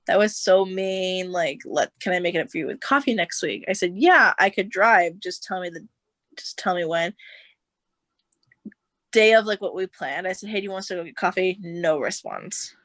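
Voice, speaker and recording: A young woman telling a long personal story on a podcast, animated and quick to act out what others said, with lots of filler words. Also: on the low side, no echo. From United States. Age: young adult. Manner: animated storyteller, acts out quotes, says like a lot. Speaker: podcast guest. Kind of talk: casual storytelling chat.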